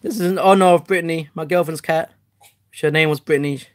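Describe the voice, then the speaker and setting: Excitable woman vlogging. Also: sits low, quick pace. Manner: excitable, chatty, swears loudly when let down. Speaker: host. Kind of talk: casual unboxing vlog.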